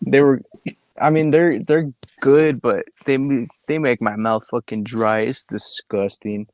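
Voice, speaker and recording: A man's voice: mid-range voice, steady tone, slow pace, darkish tone. A young man co-hosting a podcast, telling a long rambling story in casual chat, swearing a lot and laughing often. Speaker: podcast co-host. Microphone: podcast microphone.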